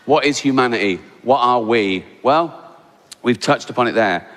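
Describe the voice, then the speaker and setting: A man's voice: medium pitch, animated, normal speed, a bit bright. An older English man doing a stand-up comedy routine, sardonic and conversational, tagging his lines with "right?". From England. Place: large theatre stage before a live audience. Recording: reverberant hall with audience noise.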